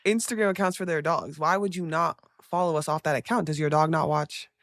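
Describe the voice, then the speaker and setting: A woman's voice: low voice, fairly even intonation, a little fast, no room sound, clean studio sound. Upbeat teasing young woman co-host. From United States. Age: 20s. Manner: teasing, upbeat, playfully hyped. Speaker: podcast co-host. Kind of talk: casual podcast chat.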